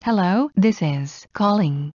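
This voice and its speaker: A woman reads short English practice phrases aloud for learners, one at a time with even pauses. Her voice is mellow and soft-edged. The recording is dry and slightly dull, with a lo-fi quality. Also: mid-range voice, no echo. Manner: slow, evenly spaced phrase-by-phrase reading. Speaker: English teacher.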